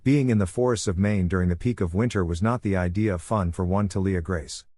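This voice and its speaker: A man's voice: low voice, brisk, warm tone, dry recording, clean studio sound. A man reading fan fiction aloud, narrating and voicing the dialogue with little character acting. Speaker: fanfiction reader.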